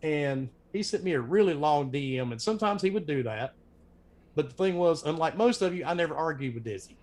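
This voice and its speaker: Man, Southern US accent, podcast host, casual rambling storytelling, a bit high-pitched. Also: brisk. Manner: relaxed, rambling, repeats himself.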